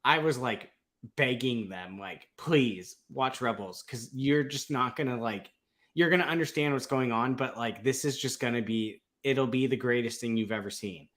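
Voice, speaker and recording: A man's voice: mid-range voice, moderate pace, a bit bright. Laid-back, rambling young man. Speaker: podcast co-host. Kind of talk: casual fan chat.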